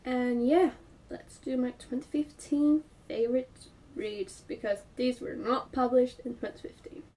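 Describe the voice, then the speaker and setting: A woman book vlogger with a cold, chatting in a casual, excitable way and rambling with filler words. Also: high-pitched, a little slow, far from the mic. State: congested with a cold. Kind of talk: casual book review chat.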